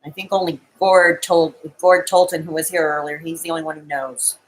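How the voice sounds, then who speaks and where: Talking to her chat on a live stream, a woman rambles in a distraught, emotional monologue, sometimes tearful and letting out bitter laughs between thoughts. Her voice is low-pitched and steady, her pace brisk. The audio quality is poor.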